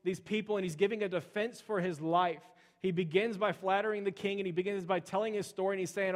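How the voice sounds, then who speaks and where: A man's voice: high-pitched, steady tone, fast talker, few pauses. A man preaching a sermon in a conversational way, explaining scripture with frequent fillers like "uh" and "okay". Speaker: pastor.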